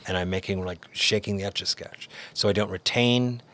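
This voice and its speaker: A man's voice: lowish voice, moderate pace. A man, a stage actor and studio guest, chatting casually in an interview and demonstrating accents as he talks. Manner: animated storyteller, demonstrates accents.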